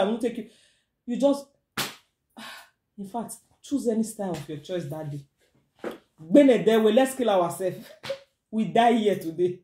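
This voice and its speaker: An animated Nigerian woman with a fairly high-pitched voice gives relationship advice as a vlogger, recorded in an echoey room. Her casual monologue mixes in pidgin, and she acts out the voices of people she quotes.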